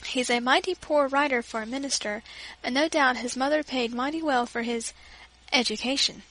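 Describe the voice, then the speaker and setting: A woman doing a scolding old housekeeper, high and brisk, storybook voice. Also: fairly bright tone, poor audio. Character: plainspoken old female servant, warm but scornful.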